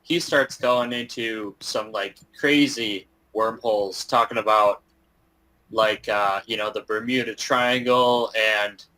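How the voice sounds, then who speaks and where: A man's voice: lowish voice, steady tone, slow, sharp tone, rough recording. A man on a casual live call, talking hesitantly with restarts and fillers. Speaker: participant on a chart analysis call.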